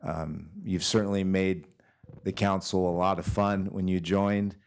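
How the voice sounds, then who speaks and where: A man on a city council giving friendly, halting farewell remarks with light jokes, speaking into a dais microphone in the council chamber. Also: low voice, level tone, vocal fry, clear, resonant tone.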